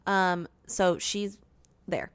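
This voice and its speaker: A young woman in casual conversation, retelling a movie plot and acting out the characters' lines with lively jumps in her voice. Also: lowish voice, very slow, clean tone. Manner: animated, acts out quotes in shifting voices. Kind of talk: casual chat recapping a movie.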